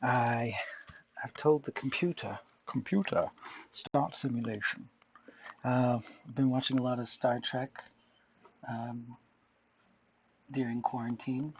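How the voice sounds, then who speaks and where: A man's voice: mid-range voice, little pitch movement, a little slow, long pauses, darkish tone, lo-fi sound, slight background noise. A man chatting casually as an artist vlogger while he draws, meandering and correcting himself with jokey asides. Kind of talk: casual rambling chat while drawing.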